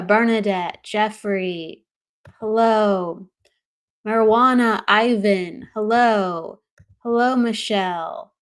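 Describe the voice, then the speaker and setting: Woman hosting a live stream, bubbly and chatty, laughs a lot, shouting out viewers. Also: mid-range voice, clean tone. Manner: bubbly, greets viewers by name, laughs often. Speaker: host.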